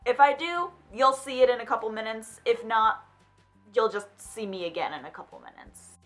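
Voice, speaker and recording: A woman's voice: on the high side, normal speed, a bit bright, faint music behind. A young woman vlogging her reaction to a film, talking casually, exclaiming and asking questions aloud as she watches.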